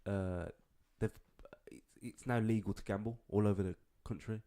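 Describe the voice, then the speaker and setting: A man's voice: fairly low pitch, fairly even intonation, normal speed, mellow. A man co-hosting a podcast, chatting casually, swearing freely and laughing often. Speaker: podcast co-host. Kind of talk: casual chat.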